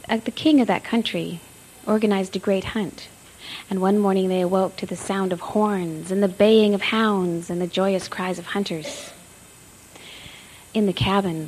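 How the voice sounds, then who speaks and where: A woman reading a fairy tale aloud in a soft, breathy voice at a middling pitch. She tells the story gently, the way a storyteller reads to listeners, and now and then stumbles on a word and starts it again. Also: rough recording. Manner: gentle storybook reading with small slips and restarts.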